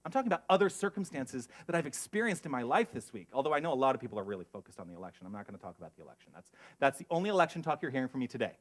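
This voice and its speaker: Earnest male minister preaching softly. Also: medium pitch, racing, hardly any pauses. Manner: emotional, earnest, shifts from hushed to animated. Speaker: pastor. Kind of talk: sermon.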